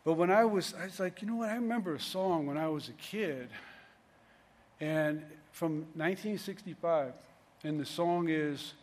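A man's voice: a little high, normal speed, darkish tone, big-room sound. A middle-aged man preaching a sermon in a loose, conversational way, often restarting his sentences. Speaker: pastor.

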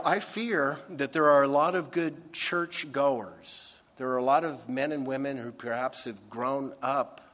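A man preaching a sermon, earnest and emphatic, with dramatic pauses on key words. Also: mid-range voice, a bit bright. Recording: long reverb of a large hall.

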